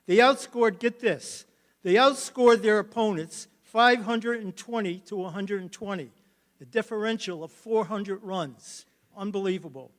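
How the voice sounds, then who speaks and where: An older man, a former coach, giving a halting, emotional speech at a hall of fame induction ceremony. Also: sits high, fairly bright tone.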